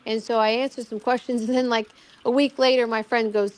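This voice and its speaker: A middle-aged woman telling a personal story in casual chat, animated, acting out what people said, with many restarts. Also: on the high side, fast talker. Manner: animated, acts out quoted voices, many restarts. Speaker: guest recounting a personal experience.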